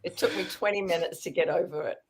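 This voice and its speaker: A woman chatting as a podcast guest, telling stories in an animated way. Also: fairly low pitch, fast, noisy background. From Australia. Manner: chatty, animated storytelling with fillers. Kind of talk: casual podcast chat.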